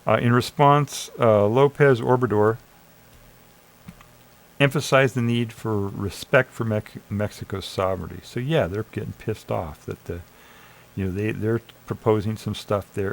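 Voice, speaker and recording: A man's voice: on the low side, creaky, a little hiss or hum, low-quality recording. A man streaming live, reading chatbot answers aloud and arguing back with sarcasm, urging listeners to think. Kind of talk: casual commentary reading AI chat aloud.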